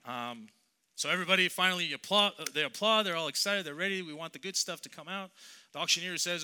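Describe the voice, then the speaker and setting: A man who is a youth pastor tells a sermon story in an earnest, conversational, halting way. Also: high-pitched, sharp tone, clear, resonant tone.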